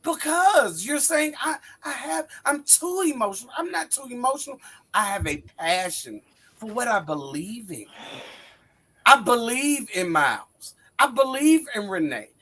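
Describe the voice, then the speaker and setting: Middle-aged man, wrestling panelist, preachy and theatrical, husky voice with a very animated pitch. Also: unhurried. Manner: dramatic, mock-wounded, preachy. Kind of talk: heated panel banter.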